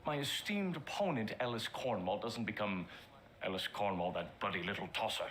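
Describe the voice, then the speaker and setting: An actor playing a smooth, persuasive political adviser in a period TV drama, coaching a man on his speech. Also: on the low side, moderate pace, a bit bright, a little hiss or hum, close to an everyday voice.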